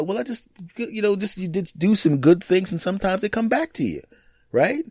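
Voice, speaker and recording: Animated man telling a casual story. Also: high voice, no echo. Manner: animated, acts out other people's lines in quick put-on voices. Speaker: podcast host.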